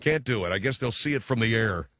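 A man's voice: lowish voice, lively intonation, fast, a bit bright, no room sound, lo-fi sound. A middle-aged man hosting a radio talk show, rambling wryly in a casual monologue. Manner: rambling, wry.

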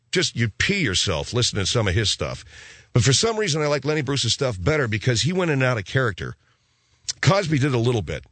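A man's voice: on the low side, fairly bright tone, no echo. A middle-aged man hosting a show, chatting casually about listener mail in a rambling way, often repeating and restarting words. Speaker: radio show host.

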